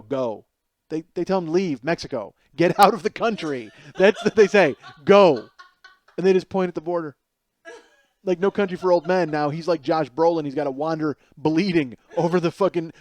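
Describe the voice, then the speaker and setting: Profane, animated comedic podcast host, man. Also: a little high, dry recording. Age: middle-aged. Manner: profane, animated, acts out quoted people. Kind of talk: comedic storytelling monologue.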